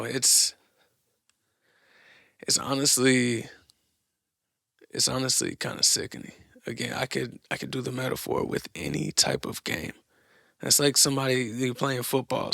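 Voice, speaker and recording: A man's voice: mid-range voice, moderate pace, gravelly, long pauses, bright, forceful tone, dry recording, studio quality. A young man hosting a podcast, ranting bluntly with lots of profanity and mockery. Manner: blunt, profane, mocking rants. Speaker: podcast host. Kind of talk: opinionated solo monologue.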